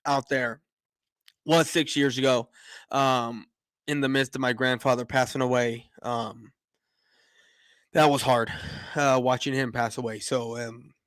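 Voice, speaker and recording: A man's voice: medium pitch, fairly bright tone, dry recording, clean studio sound. A man hosting a casual livestream, rambling with many fillers and restarts, greeting viewers in the chat and sounding a little choked up. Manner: openly emotional, a little choked up. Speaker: livestream host.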